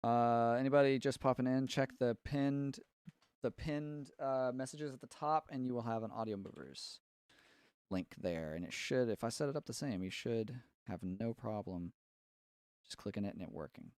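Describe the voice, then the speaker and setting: A man from Tennessee runs a casual mixing live stream, rambling with lots of fillers and getting distracted while fixing his setup. His medium-pitched voice is a little mellow and smooth at a moderate pace, in a dry, studio-quality recording.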